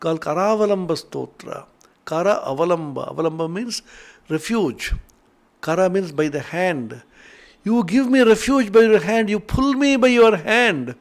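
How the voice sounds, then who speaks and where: A man's voice: high-pitched, animated, moderate pace. An older man, a monk, giving an earnest spiritual lecture with chanted verses and emotional storytelling.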